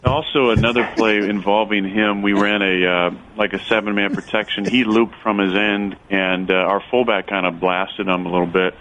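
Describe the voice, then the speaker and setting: A man's voice: lowish voice, level tone, normal speed, few pauses, muffled recording, background noise. A man, a former football player, telling a rambling football story with lots of fillers. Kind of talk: casual storytelling on radio.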